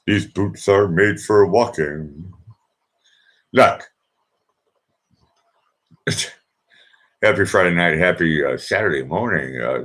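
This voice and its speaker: Indoors in Vienna, a Boston-accented man hosts his own livestream, his low, fairly bright voice chatty and joking. He meanders as he talks and fills the gaps with lots of fillers.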